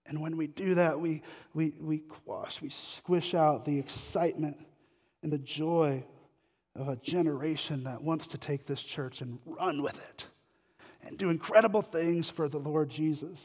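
A man's voice: fairly high pitch, steady tone, normal speed, darkish tone. A man preaching a sermon to a congregation, telling stories in a conversational way and asking the listeners questions. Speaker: guest pastor. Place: church sanctuary. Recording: long hall reverb.

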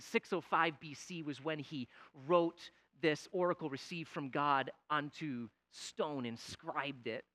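A man preaching a sermon, swinging between loud, pleading outbursts and quiet, weighty emphasis. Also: on the high side. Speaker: pastor.

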